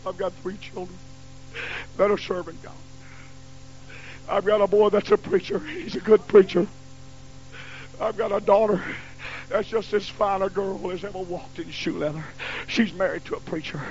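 Gravelly, high-voiced preacher man. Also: steady tone, normal speed, long pauses, darkish tone. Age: 50s. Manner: folksy storytelling. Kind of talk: fiery sermon. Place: church. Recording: lo-fi recording with faint hum.

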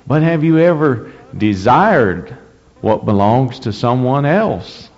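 Male preacher reading scripture with deliberate, rising emphasis, captured on a dull, muffled recording. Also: medium pitch, animated, a little mellow. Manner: slow, deliberate reading with rising emphasis and frequent throat clearing. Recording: dull lo-fi recording in a reverberant hall.

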